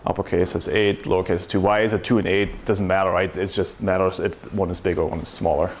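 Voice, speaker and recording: Man, low voice, technical conference speaker, explanatory, faint background noise. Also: little pitch movement, quick pace. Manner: explanatory, asks rhetorical questions.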